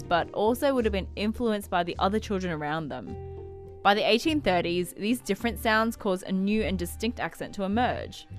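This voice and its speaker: A woman giving clear, measured scripted narration for a news explainer. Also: medium pitch.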